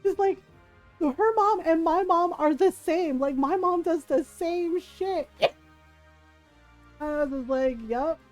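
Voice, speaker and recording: A woman's voice: very high-pitched, slow, darkish tone, faint music behind. A woman streamer casually telling a family story while gaming, laughing often and acting out her relatives. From Filipino family. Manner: chatty, laughs often, quotes family in voices.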